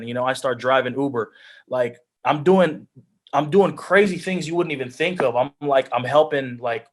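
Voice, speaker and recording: A young man earnestly telling his personal story as a guest speaker on a video call, often restarting his sentences. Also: mid-range voice. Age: young adult. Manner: earnest, heartfelt, with frequent restarts and "like". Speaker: guest speaker, pro football player.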